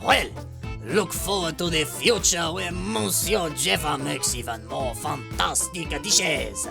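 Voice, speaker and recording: A woman voicing a flamboyant, theatrical French TV interviewer with a put-on French accent and drawn-out, sing-song exclamations. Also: sits low, full character voice. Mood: gushing. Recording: clear music playing behind. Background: music.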